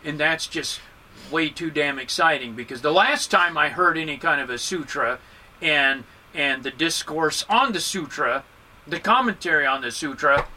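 A man giving a Buddhist dharma talk to a group, animated and joking, with emphatic swings in his voice. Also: fairly high pitch, normal speed, low-quality recording. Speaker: Buddhist teacher.

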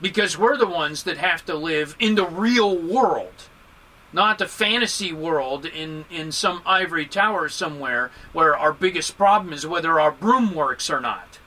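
A man giving a Buddhist dharma talk to a group, animated and joking, with emphatic swings in his voice. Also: on the high side, unhurried, rough recording. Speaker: Buddhist teacher.

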